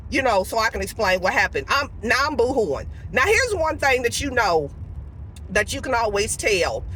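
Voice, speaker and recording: A woman tells a heated story from her car, her voice high and bright and swinging all over. She acts out each exchange with dramatic emphasis. Faint road and cabin noise hums behind her. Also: poor audio. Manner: animated storytelling, acts out quotes. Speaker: vlogger. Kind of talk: casual storytime vlog.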